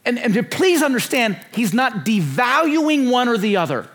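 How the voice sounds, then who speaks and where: A man's voice: very high-pitched, big pitch swings, normal speed, fairly bright tone, slightly rough. A man in his sixties preaching a sermon to a conference crowd, emphatic and repetitive, stopping often to ask his listeners questions. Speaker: conference speaker.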